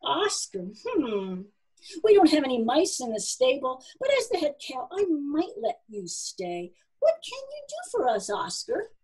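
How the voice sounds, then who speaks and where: A woman's voice: wildly swooping pitch, unhurried, darkish tone, heavily acted. A woman voicing a self-important storybook cow, pompous and commanding, swinging up and down. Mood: haughty. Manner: pompous, booming. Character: bossy self-important female head cow.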